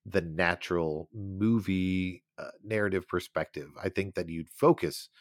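A man with a fairly low voice talks casually about a movie with his co-host. He laughs often and slips into playful quoted voices. The sound is dry and close. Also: unhurried, no room sound. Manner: animated, laughs often, acts out lines. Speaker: podcast co-host. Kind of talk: casual film discussion.

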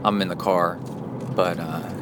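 A man's voice: sits low, steady tone, measured pace. A man from the US hosting a podcast, chatting casually and going off on tangents while he drives. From United States. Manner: rambling, tangent-prone, self-correcting. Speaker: podcast host. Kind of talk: casual solo podcast talk. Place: inside a moving car. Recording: car noise behind the voice. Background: road and car noise.

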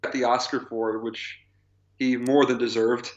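Guy on a kinda dull lo-fi mic, chatting excitedly, laughs a lot. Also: medium pitch, normal speed. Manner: enthusiastic, laughs between phrases. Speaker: podcast co-host. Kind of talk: casual chat.

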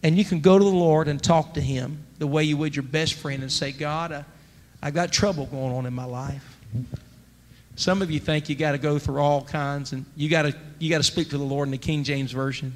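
A man preaching a sermon as pastor, emphatic and rising to near-shouts. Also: a little high, fairly even intonation, brisk, hardly any pauses. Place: church sanctuary. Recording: church sanctuary with long reverb, faint noise.

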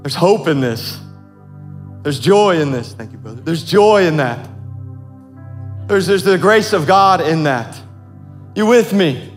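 A man preaching a sermon to a congregation in a casual, joking way, with quick asides to the crowd. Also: on the high side, animated, faint music behind. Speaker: pastor.

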